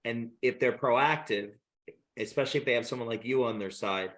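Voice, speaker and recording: Mid-pitched man, eager host. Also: fairly bright tone. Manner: interrupts to clarify, quick and apologetic. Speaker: podcast host. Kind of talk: casual interview talk.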